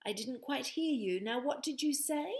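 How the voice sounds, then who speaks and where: An excitable little girl witch squeaks and exclaims her way through a storybook spell, as a woman reads her aloud. Her voice sits high and a touch gravelly. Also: moderate pace. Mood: excited.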